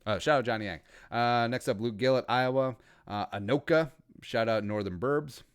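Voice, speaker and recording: A man's voice: medium pitch, normal speed, smooth. A man in his thirties from Minnesota hosting a casual livestream podcast, rambling and joking with crude asides. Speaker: podcast host.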